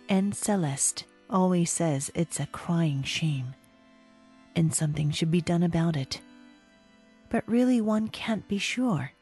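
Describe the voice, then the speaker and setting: A woman reading a story aloud as narrator, slow and measured. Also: fairly low pitch, mellow, slightly rough. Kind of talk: audiobook reading.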